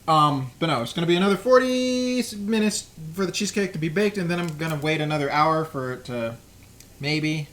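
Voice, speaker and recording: Expressive and fairly quick, this man's slightly high, somewhat bright voice carries a casual live-stream chat as he bakes at home in his kitchen. He's playful, talks to himself, and hums little tunes.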